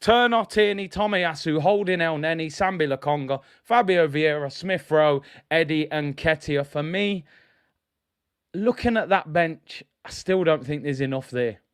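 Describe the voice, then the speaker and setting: A man's voice: a little high, unhurried, clear, resonant tone, no room sound, clean studio sound. A man hosting a football fan live stream, chatting casually and upbeat as he reads out viewer messages.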